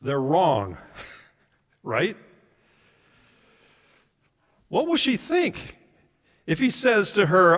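A man preaching a sermon as pastor, emphatic at times and then dropping to soft, intimate asides. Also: high-pitched, very animated, a little slow. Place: church sanctuary. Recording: reverberant hall sound.

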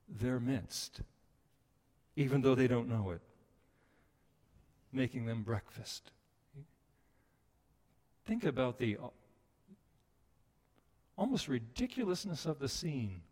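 Man preaching with dramatic swings in volume. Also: medium pitch. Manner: expressive, swinging between hushed and loud emphasis. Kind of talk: sermon. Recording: long reverb of a large hall.

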